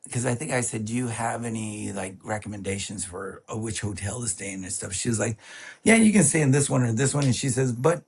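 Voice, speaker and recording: A man co-hosting a podcast, telling a long, animated story in casual chat. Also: medium pitch, vocal fry, breathy edge. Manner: animated storyteller who breaks into laughter. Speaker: podcast co-host.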